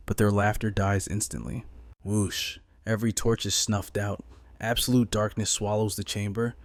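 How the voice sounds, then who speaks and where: Low-voiced male story narrator. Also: flat delivery, measured pace, a little mellow, no echo, clean studio sound. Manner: urgent, dramatic storytelling. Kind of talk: dramatic comic recap narration.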